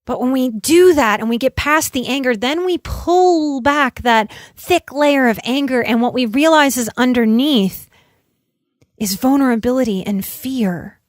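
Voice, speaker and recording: A middle-aged woman hosting a solo self-help podcast, talking earnestly and emphatically, and slowing down to stretch out the key words. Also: sits high, no room sound, studio quality. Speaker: podcast host and counselor.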